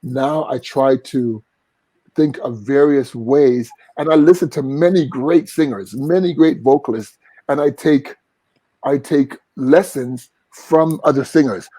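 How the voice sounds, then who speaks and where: A man, a singer and vocal coach, speaks earnestly and reflectively as an interview guest, now and then singing short vocal examples in casual conversation. His voice is medium-pitched, mellow and slightly rough, and he talks a little slowly. The recording is low quality with no room sound.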